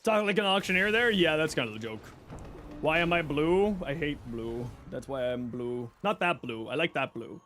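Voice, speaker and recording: Lively, easygoing man streaming a game. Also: on the high side, normal speed, slight background noise. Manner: reads chat questions aloud and answers them offhandedly; easygoing, chatty, jokey. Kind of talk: casual live-stream chat while gaming.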